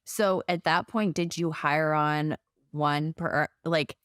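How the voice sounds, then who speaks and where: A woman's voice: low voice, steady tone, slow pace, a bit bright, smooth, no room sound, studio quality. A woman, a therapist who hosts the podcast, asking questions and reacting with strong, eager feeling in a casual interview.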